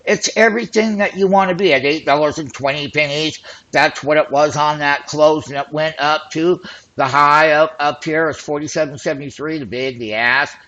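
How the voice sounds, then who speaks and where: A man hosting an options trading show, talking excitedly and boastfully as he walks through call and put charts. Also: on the high side, moderate pace, highs cut off. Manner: excited, boastful, hype-driven patter. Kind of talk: screen-share trading commentary.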